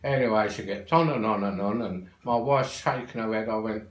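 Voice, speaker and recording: An older man with a London accent tells a rambling family story, cheerfully swearing as he goes. His voice sits low and the room around him is echoey. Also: brisk. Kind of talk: casual anecdote.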